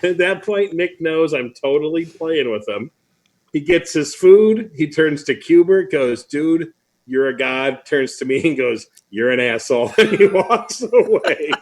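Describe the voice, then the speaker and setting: A man hosting a live online event, chatting casually and telling a story with lively asides. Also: a little high, a little slow. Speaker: host. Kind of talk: casual live-stream chat.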